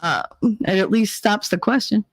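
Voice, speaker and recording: A woman's voice: medium pitch, moderate pace, slightly rough, no room sound, low-quality recording. A woman hosting a casual talk show, telling a story in a blunt, profane, swaggering way. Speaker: podcast host.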